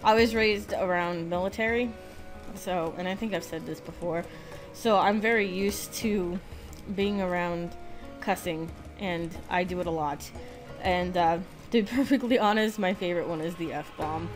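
A woman's voice: fairly low pitch, normal speed. Woman gamer w a slight lisp, chatty rambly commentary, game music going behind her. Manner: chatty, rambling, self-deprecating. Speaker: let's play gamer. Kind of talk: casual gameplay commentary.

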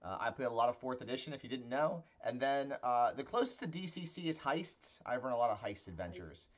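A man's voice: medium pitch, lively intonation, fairly quick. A man with a Pittsburgh accent tinged with Philadelphia, co-hosting a casual tabletop-game podcast as game master and talking in a rambling way full of filler sounds. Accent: Pittsburgh with a touch of Philadelphia. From Pennsylvania.

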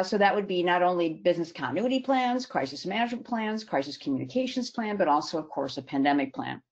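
Lively low-voiced woman presenting a webinar. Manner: emphatic, explanatory, slows down to stress key words. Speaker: business continuity consultant presenting a webinar. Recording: dull lo-fi webinar audio.

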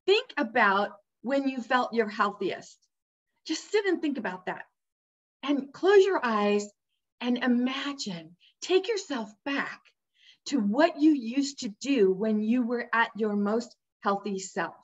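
A woman with a fairly high voice gives an emphatic, upbeat motivational talk, speaking straight to the listener as a coach would. The recording is somewhat dull and lo-fi. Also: expressive, measured pace. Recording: dull lo-fi sound.

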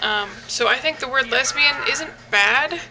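A young woman talks into her webcam in a casual video reply, her voice sitting a bit high. She hesitates often, filling gaps with ums and restarting her sentences. A steady hiss of noise runs under the recording. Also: measured pace. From United States. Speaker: vlogger.

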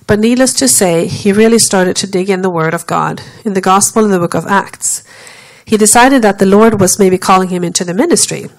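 A woman preacher telling a long story in a sermon at steady pace, acting out the quoted speech of the people in it. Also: mid-range voice, rough recording.

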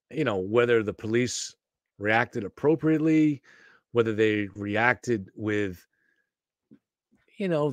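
A man's voice: on the low side, no room sound, clean studio sound. A man hosting a commentary show, reacting to a clip with skeptical questions. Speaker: commentary host.

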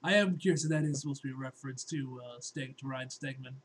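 A man reading a comic aloud and reacting, excitable and breaking into loud exclamations. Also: medium pitch, quick pace, breathy edge. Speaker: comic book reviewer.

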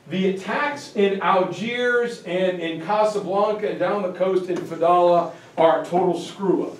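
A man giving a history lecture to a class, telling it as a lively, joking story. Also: high-pitched. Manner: animated, joking storytelling with acted-out voices. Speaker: teacher. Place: lecture room. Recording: roomy, from far off.

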